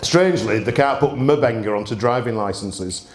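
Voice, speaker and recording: A man's voice: on the low side, normal speed. Chatty man in echoey room. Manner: humorous, chatty, laughs often. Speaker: gin tasting host. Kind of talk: anecdotal storytelling presentation. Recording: roomy echo.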